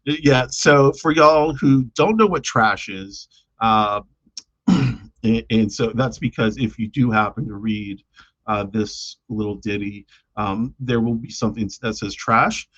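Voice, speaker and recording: A man's voice: lowish voice, unhurried, fairly bright tone, dull audio. A man chatting casually on a live stream about his own poems, hesitant and self-deprecating, with lots of fillers.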